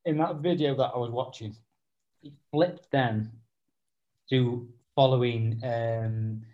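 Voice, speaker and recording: A man's voice: medium pitch, takes it slowly. A man hosting a podcast, chatting in a rambling, self-deprecating way. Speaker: podcast host. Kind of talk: casual chat. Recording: dull lo-fi sound.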